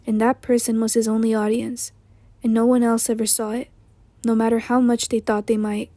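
A hoarse woman narrating an audiobook in a measured, even literary reading. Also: on the high side, dry recording.

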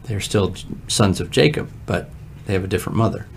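A man leading morning prayer as pastor, reading scripture and explaining it with lively, conversational asides. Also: on the low side, a little fast, vocal fry, a little hiss or hum. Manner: conversational, lively asides, frequent "right?" check-ins. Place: church.

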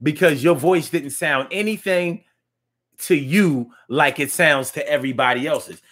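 A man's voice: fairly high pitch, measured pace, fairly bright tone. A man hosting a casual live-stream talk show, chatting loosely with slang and lots of restarts, reading viewer comments aloud.

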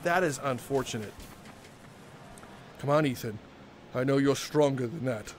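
A man live-streaming a game, joking with his chat, with bursts of laughter and loud theatrical exclamations. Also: mid-range voice, measured pace, pauses often, a little hiss or hum.

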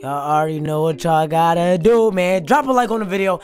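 A man's voice: on the high side, fairly even intonation, brisk. A young man doing hyped, profane gameplay commentary, roasting opponents as he plays. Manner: hyped trash-talking, profane, playful roasting. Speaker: gaming YouTuber. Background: background music.

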